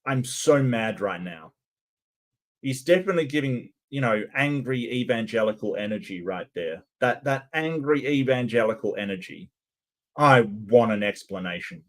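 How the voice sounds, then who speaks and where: A man's voice: mid-range voice, animated, moderate pace. Sarcastic man riffing on a video. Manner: sarcastic, rambling. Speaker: reaction video host. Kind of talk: casual commentary.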